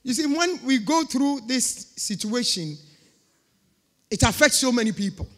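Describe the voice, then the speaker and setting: A woman's voice: a little high, lively intonation, a little slow, fairly bright tone. A woman pastor preaching a sermon with emphatic, repeated phrases. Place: church. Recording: long reverb of a church hall.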